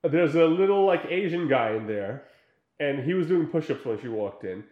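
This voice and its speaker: Animated man retelling a movie in an echoey room. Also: on the high side, dull audio. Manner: animated storyteller acting out characters in quick voices. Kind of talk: casual chat recapping a movie. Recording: roomy echo.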